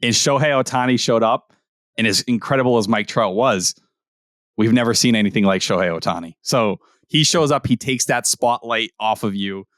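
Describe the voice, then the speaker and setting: A man co-hosting a podcast, talking sports in casual, profane, animated chat. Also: on the low side, no room sound, clean studio sound. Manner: animated, profane, rapid-fire opinions. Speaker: podcast co-host.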